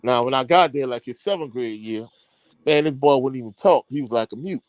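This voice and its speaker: A man, a high school coach, telling a long sports anecdote in casual chat with slang and many fillers. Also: a little fast, no room sound. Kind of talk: casual podcast storytelling.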